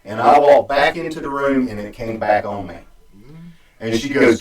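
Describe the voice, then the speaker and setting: Man telling a story in an echoey room. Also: mid-range voice. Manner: rambling, halting, with many restarts and fillers. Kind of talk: casual storytelling. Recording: echoey room, distant mic.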